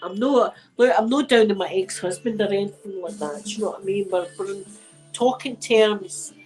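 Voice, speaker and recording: A woman's voice: medium pitch, moderate pace, darkish tone, faint music behind, poor audio. A middle-aged Scottish woman with a cold, chatting casually and emphatically with her viewers as a channel host. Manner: chatty and emphatic, repeats phrases, uses local words like wee and dead. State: has a cold. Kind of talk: casual chat with live viewers.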